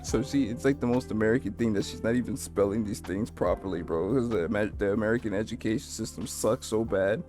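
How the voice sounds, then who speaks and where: A man's voice: lowish voice, quick pace, few pauses, a little mellow, soft background music. A man in casual chat with friends, laid-back and laughing, calling people bro. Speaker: host.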